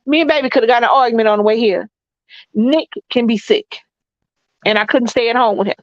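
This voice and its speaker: A woman's voice: a little high, a little fast, no room sound, lo-fi sound. Blunt Southern woman co-hosting a stream. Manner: blunt, emphatic, repeats phrases. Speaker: co-host. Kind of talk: casual live-stream chat.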